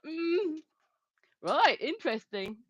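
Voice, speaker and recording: A woman's voice: sits high, very animated, extremely slow, no echo. A woman co-hosting a livestream, chatting casually and reading out viewer comments. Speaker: livestream co-host.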